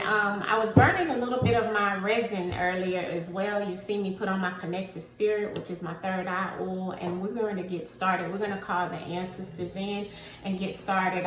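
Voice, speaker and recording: Woman doing a slow tarot reading, calls everyone family, sounds far off in an echoey room w/ music under it. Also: mid-range voice. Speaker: tarot card reader. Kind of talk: spiritual tarot reading video. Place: room at home with incense burning.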